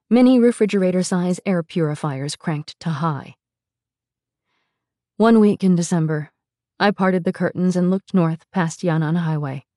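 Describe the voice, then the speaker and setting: A woman narrating a memoir audiobook in a measured, vivid storytelling manner. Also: fairly low pitch, dark tone, no room sound, clean studio sound.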